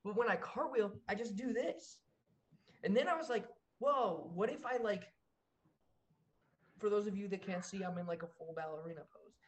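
A man's voice: high-pitched, brisk. A young man co-hosting a podcast, chatting casually and telling stories with lots of fillers and laughter. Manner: excitable, laughing storyteller with many fillers. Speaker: podcast co-host. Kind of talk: casual chat.

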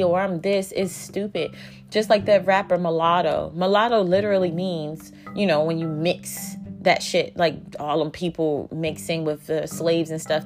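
A woman in her thirties telling a dating story in a casual vlog, blunt and profane, with a sarcastic edge. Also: medium pitch. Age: 30s. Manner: blunt, profane, sarcastic, talks back and forth. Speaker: vlogger.

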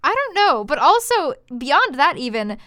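A woman's voice: high-pitched, big pitch swings, normal speed, bright, forceful tone, dry recording, clean studio sound. A woman reading fan fiction aloud with mock drama, swearing and laughing as she goes. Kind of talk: comedic dramatic reading and banter.

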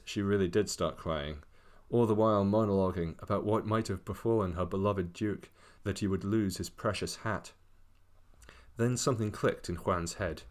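A man narrating a comic story with wry, casual asides. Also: sits low.

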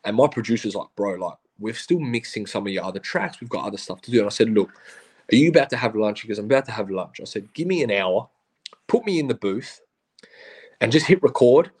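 This Australian man's voice is on the low side and husky, and he talks fairly quickly. As a podcast guest, he tells stories in lively, slangy chat, performing other people's quotes.

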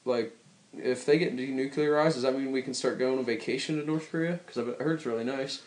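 A young man co-hosting a podcast, chatting casually and joking, rambling with drawn-out pauses. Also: medium pitch, steady tone, darkish tone. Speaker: podcast co-host. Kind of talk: casual chat. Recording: echoey room.

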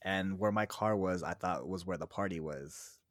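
A man's voice: low-pitched, moderate pace, no echo, studio quality. A man casually telling a rambling story to a friend, often laughing as he talks. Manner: laughs through his own stories; loose, rambling with restarts.

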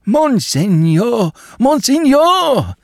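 Quavering, overjoyed old manservant. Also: male voice, very high-pitched, big pitch swings, very slow, gravelly, dry recording, clean studio sound, pitched above the performer's own voice, full character voice. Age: older. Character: elderly male servant, overjoyed and fawning.

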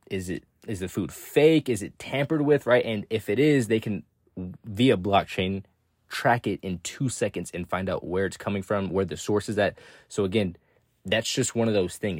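Recorded dry at studio quality, a young man with a fairly low voice rambles loosely through his casual solo podcast. He's profane, keeps saying "again," and tags every point with "right?"

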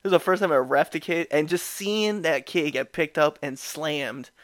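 A man with a slightly high voice tells a story on his podcast, animated and laughing often, with plenty of restarts. The sound is dry and close. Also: moderate pace, dry recording. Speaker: podcast host.

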